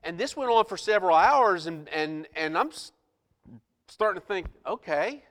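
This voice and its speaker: A middle-aged pastor with a high-pitched voice preaches to his congregation, telling a story about himself with lively, self-mocking humor. His voice rings out in a large church sanctuary with a long, trailing reverb. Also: normal speed. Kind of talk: storytelling sermon.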